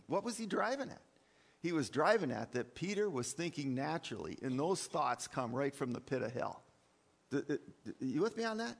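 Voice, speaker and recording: A male pastor preaching a sermon, emphatic, with rhetorical questions and repeated words, in a church. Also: a little high. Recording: long hall reverb.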